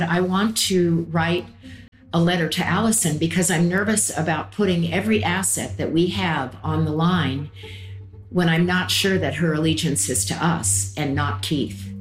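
A woman's voice: low-pitched, roomy sound, poor audio. A woman, a mother, earnestly explaining her story step by step in an interview. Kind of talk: recorded interview.

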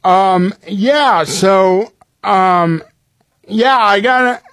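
A man's voice: high-pitched, drawn-out words, fairly bright tone, no echo. A young man in his twenties, a comedian guest telling comic stories with many ums and restarts, laughing at his own jokes. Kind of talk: comic storytelling.

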